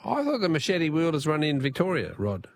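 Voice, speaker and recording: Chuckling Australian radio host. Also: male voice, on the high side, huge pitch swings, a little fast, slight background noise. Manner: chuckling, friendly, chatty with callers. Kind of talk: casual talkback radio chat.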